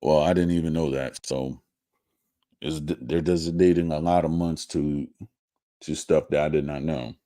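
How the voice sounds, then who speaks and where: A man hosting a casual live stream, talking in a halting way with many restarts and fillers. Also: a bass voice, fairly even intonation, mellow. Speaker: show host.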